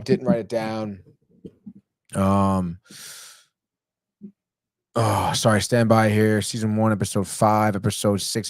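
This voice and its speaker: A man's voice: on the low side, darkish tone, no echo, clean studio sound. A man hosting a podcast, recapping a TV episode in a rambling, profane, casual way and saying "dude" a lot. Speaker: podcast host.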